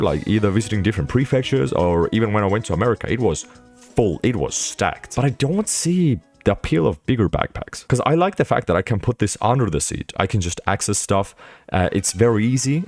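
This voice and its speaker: A young man vlogging a casual recap, rambling and self-mocking with quick asides. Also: fairly low pitch, darkish tone.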